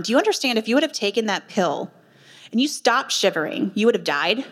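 A woman's voice: on the high side, quick pace. A woman nurse practitioner giving a passionate faith-based talk at a women's retreat, with emphatic rhetorical questions. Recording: long hall reverb.

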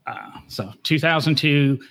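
A man's voice: on the high side, measured pace, vocal fry, fairly bright tone. A man in casual chat on a podcast, rambling along with fillers and restarts.

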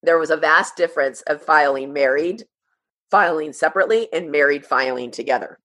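A woman in her thirties, a podcast guest, telling a personal story in a halting, emotional way with many fillers. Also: low voice, fairly bright tone.

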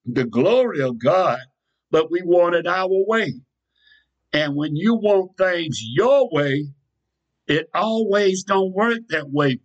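A man delivers a sermon at a slow, deliberate pace, his voice sitting a little high. He repeats phrases for emphasis and now and then rises into a shout, all on a dull, lo-fi recording. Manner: call-and-response preaching with sudden shouts. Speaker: preacher.

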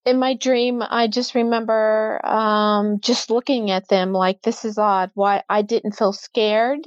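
A woman's voice: fairly high pitch, steady tone, slow, clean tone, no room sound, dull audio. A middle-aged woman, a podcast guest, recounting a personal experience and acting out the voices of the people in it. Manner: vivid storyteller who acts out quoted voices. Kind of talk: personal storytelling in an interview.

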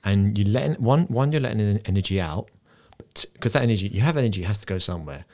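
A man's voice: lowish voice, expressive, fast talker, darkish tone. A man hosting a casual podcast chat, explaining ideas and often restarting his sentences.

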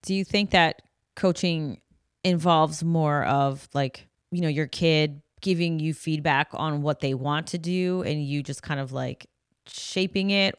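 A woman's voice: low-pitched, smooth, no echo, clean studio sound. A woman co-hosting a casual podcast, asking thoughtful questions and saying "like" often. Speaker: podcast co-host, parent. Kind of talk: casual conversational.

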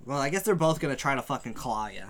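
Male game master, bright tone, casual, profane, unhurried narration. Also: medium pitch, animated. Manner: laid-back, swears often, hesitant ums.

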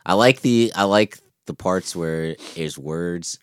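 A young man in casual anime chat, laid-back and laughing often, with lively impressions. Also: low voice, slow pace, clean tone, no echo, clean studio sound. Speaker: podcast co-host.

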